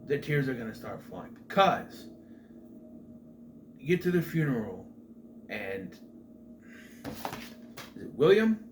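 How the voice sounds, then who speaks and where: A middle-aged man casually recapping a film as a show host, rambling with chatty asides and restarts. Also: on the high side. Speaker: movie review host. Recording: faint background noise.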